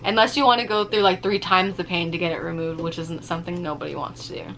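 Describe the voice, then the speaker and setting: A young woman telling a story in a casual vlog, animated, swearing freely and using lots of fillers. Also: fairly low pitch, fast, gravelly, slight background noise. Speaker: vlogger.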